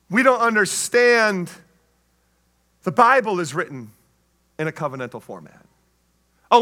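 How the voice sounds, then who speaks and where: Bright, high-voiced male preacher. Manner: animated storyteller, acts out voices, laughs. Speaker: pastor. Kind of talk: sermon with storytelling.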